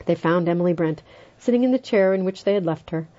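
A woman reads an audiobook in a low, dark, mellow voice, steady and even. The recording is slightly dull and lo-fi. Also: quick pace. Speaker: audiobook narrator. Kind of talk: audiobook reading.

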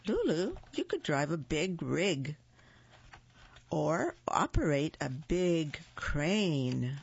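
A woman voicing a patient mother who gently suggests ideas to her daughter. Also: sits low, big pitch swings, very slow, gravelly, husky, exaggerated voice. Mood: gentle. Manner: gentle, encouraging. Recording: dull lo-fi recording.

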